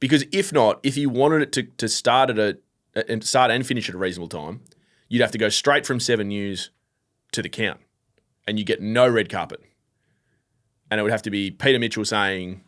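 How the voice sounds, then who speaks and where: A man with an Australian accent co-hosting a sports podcast in casual chat, opinionated and quick to laugh. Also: lowish voice, a bit bright. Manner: opinionated, laughs easily, restarts often. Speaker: podcast co-host.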